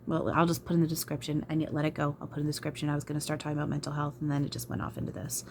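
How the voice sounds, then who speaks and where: A woman's voice: low-pitched, little pitch movement, very fast, darkish tone, slight background noise. A woman channeler talking to camera in an emotional vlog, frustrated, sighing and swearing. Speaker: spiritual channeler.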